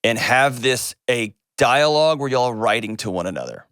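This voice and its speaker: A man, hosting an advice call-in show and answering a caller in an earnest, gentle way. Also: medium pitch, animated, normal speed, clean tone, no room sound, clean studio sound. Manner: earnest and gentle, shifts pace often.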